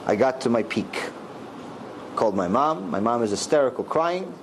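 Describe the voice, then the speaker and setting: A man's voice: medium pitch, sing-song, normal speed, a little hiss or hum, low-quality recording. A middle-aged man and rabbi giving a storytelling Torah lecture, acting out the dialogue in raised voices.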